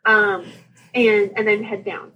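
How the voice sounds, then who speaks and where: Husky-voiced woman telling a lively story. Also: medium pitch, takes it slowly, muffled recording. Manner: lively, laughing, acts out quoted voices. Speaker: guest sharing birth story. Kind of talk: casual storytelling interview.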